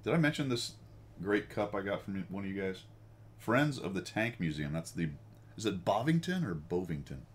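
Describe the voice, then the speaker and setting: A middle-aged American man with a deep, low voice hosts a casual chat for his viewers. He rambles from tangent to tangent, pokes fun at himself and laughs often. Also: lively intonation, moderate pace. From United States. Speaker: host.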